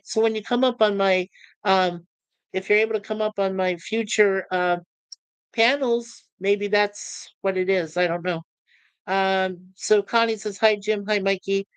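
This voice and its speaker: A woman hosting a casual livestream, reading viewer comments aloud in a rambling, halting way. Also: medium pitch, clear, resonant tone, no room sound. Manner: rambling, halting, many fillers and restarts. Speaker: livestream host.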